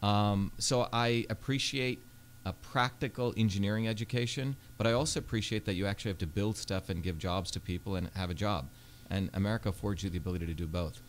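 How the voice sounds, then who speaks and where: Guest spot: man in his 50s, deep-ish voice, earnest storyteller, faint background hiss. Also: fast talker. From India. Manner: earnest, fluent storytelling with frequent fillers. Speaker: Senate candidate, guest. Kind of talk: radio interview. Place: radio studio.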